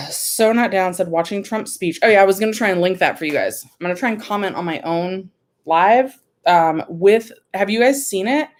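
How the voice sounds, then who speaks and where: Speaking into a computer mic from a room at home, a woman hosts an emotional livestream, rambling and frustrated and near tears. Her voice sits in the middle range with a darkish tone, and she is expressive at a normal pace.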